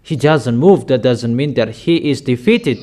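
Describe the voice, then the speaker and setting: Slow, emphatic male preacher. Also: mid-range voice, lively intonation, dark tone. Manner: slow, emphatic declarations with frequent repetition. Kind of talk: sermon.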